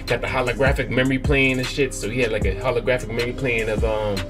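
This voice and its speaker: A young man hosting a gaming channel who recaps the story in rambling, excitable, profanity-laced slang. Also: medium pitch, fast. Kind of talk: let's-play commentary. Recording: game music in background.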